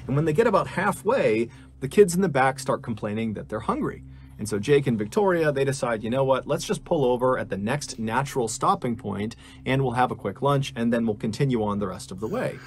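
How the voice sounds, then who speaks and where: A man narrating a true missing-person story in a steady storytelling manner that builds suspense. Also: medium pitch, brisk, a little hiss or hum.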